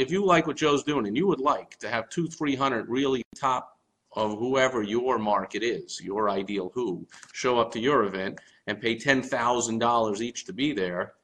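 An enthusiastic middle-aged man chats to the camera from a room in his home. His voice sits at an ordinary middle pitch, and he rambles happily with fillers and asides. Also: fairly bright tone, rough recording. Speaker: marketing vlogger. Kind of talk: casual talk to camera.

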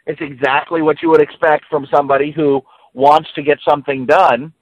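A man's voice: a little high, level tone, a little fast, highs cut off. A man co-hosting a casual podcast, talking hesitantly and stopping often to search for words. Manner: hesitant, many fillers and restarts. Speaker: podcast co-host.

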